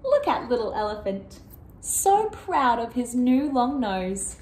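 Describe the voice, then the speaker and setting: A woman reading a picture book aloud to children, animated and asking the listener questions. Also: a little high, slow pace, reverberant. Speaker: children's storyteller.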